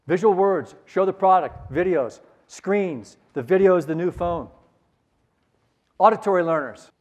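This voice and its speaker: Energetic man leading a sales seminar. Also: sits high, measured pace, highs cut off. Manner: energetic, coaxes audience to repeat phrases. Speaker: sales trainer. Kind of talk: conference seminar talk.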